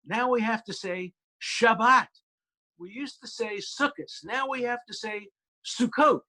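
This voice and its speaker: A man voicing a chatty, cheeky woman congregant with a Southern US accent, in a high sing-song voice, during a joke told on a video call. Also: measured pace, bright, forceful tone, full character voice.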